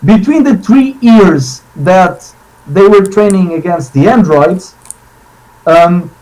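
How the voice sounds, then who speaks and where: Man, high voice, excitable, rambling, casual podcast chat, frequent restarts. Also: rough recording. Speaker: podcast co-host.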